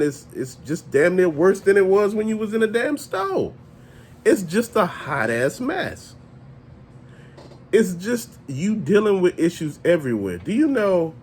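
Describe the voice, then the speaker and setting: A man hosting a casual vlog, ranting in an animated, profane, conversational way and often laughing as he talks. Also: on the high side, a little hiss or hum. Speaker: toy channel host.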